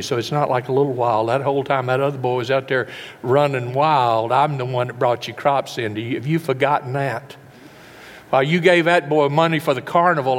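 A man's voice: medium pitch, lightly acted. A man putting on a bitter resentful son. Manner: resentful, complaining.

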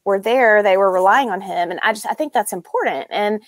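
Earnest, deliberate woman in conversation. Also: mid-range voice, dry recording, studio quality. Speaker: mother and podcast guest. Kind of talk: casual chat.

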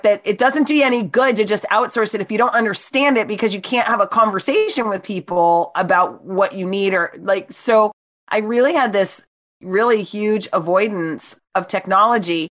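A middle-aged woman co-hosts a casual podcast chat, speaking at a normal speed in a mid-range voice. She's an animated storyteller who tells lively stories and acts out the voices of the people she quotes.

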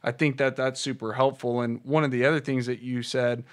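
A man's voice: medium pitch, little pitch movement, fairly quick. A man hosting a podcast, reflecting on what his guest said and summing it up casually. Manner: reflective, summarizing, light laughter. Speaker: podcast host.

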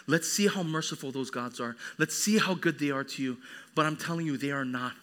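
A young man preaching a sermon as a pastor, animated, acting out quoted voices. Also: a little high, fairly quick.

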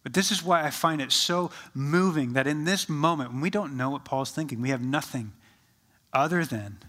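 A man preaching a sermon as pastor, rising with energy, then dropping to a soft, slow hush for quoted words. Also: fairly high pitch. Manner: shifts from lively to soft and slow when quoting Jesus.

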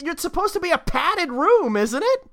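A man's voice: very high voice, big pitch swings, normal speed, fairly bright tone. A man co-hosting a casual comedy podcast, making sarcastic jokes and swearing about the story. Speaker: podcast co-host.

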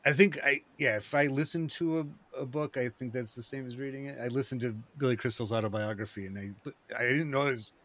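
A man talking in a rambling, excitable way, with lots of fillers and restarts, in a casual chat. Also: medium pitch, brisk.

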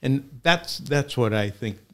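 A man's voice: mid-range voice, lively intonation, slow pace. An older man, a podcast guest, talking in a laid-back way with dry humor. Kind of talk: casual conversation.

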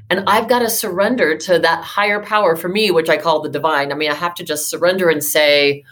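A woman in her fifties with a low, full voice tells her own story as a guest in an interview. She talks earnestly and with feeling, often restarting her sentences and filling them with "you know". She comes across as a therapist and life coach opening up about her life. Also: steady tone, fairly quick, hardly any pauses, a bit bright. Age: 50s. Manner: earnest, emotional, many fillers and restarts.

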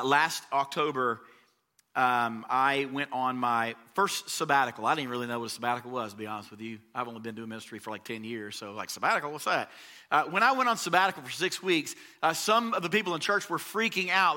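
A man preaching a sermon as pastor, talking in a conversational way and swelling louder on key phrases. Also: fairly high pitch, fairly quick.

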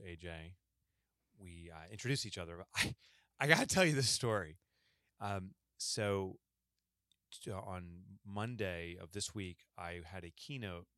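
A man's voice: fairly low pitch, no echo, studio quality. A man co-hosting a podcast, telling a long story in casual chat and acting out the lines of the people in it. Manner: animated storyteller, acts out quoted lines. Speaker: podcast co-host.

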